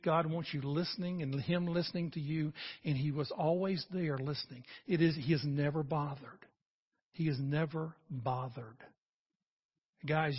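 A man's voice: on the high side, breathy edge, dull audio. A man in his sixties preaching a sermon as a pastor, talking earnestly and conversationally and building to emphatic peaks.

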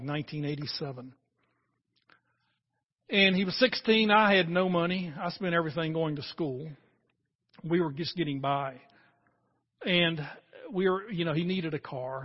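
A man's voice: fairly high pitch, lo-fi sound. A man in his sixties preaching a sermon as a pastor, talking earnestly and conversationally and building to emphatic peaks.

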